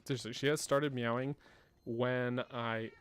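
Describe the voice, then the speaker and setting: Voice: mid-range voice, fairly even intonation, a little slow, clear, resonant tone, soft background music. A streamer chatting casually during a live game stream at home, laughing often and talking to both the chat and a pet cat. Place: home room.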